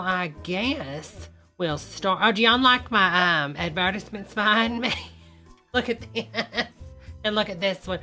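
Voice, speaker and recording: A woman's voice: lowish voice, pushed and bright. An older woman, hosting a casual live stream and chatting folksily with viewers, calling everyone honey.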